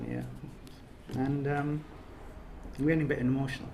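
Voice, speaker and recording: A man's voice: medium pitch, level tone, moderate pace, roomy sound, background noise. A man leading a course, giving an emotional thank-you speech, earnest and repetitive, his phrases rising to emphatic peaks. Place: reception room of an official residence.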